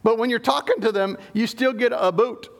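A middle-aged man delivering a sermon in a notably high voice. His tone has a gravelly, creaky edge, and he teaches emphatically, stopping to restart phrases as he explains. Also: brisk. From Southern United States. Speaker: pastor.

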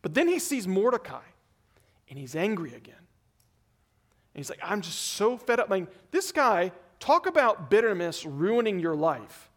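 Male pastor, high voice, relaxed storytelling sermon, plays the parts as he goes. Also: measured pace. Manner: conversational storytelling, acting out voices.

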